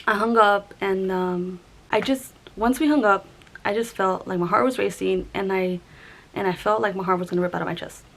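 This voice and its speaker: A young woman vlogger telling a personal story to camera in a halting, conversational way, with many restarts and fillers. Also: mid-range voice, steady tone, creaky, a bit bright, poor audio.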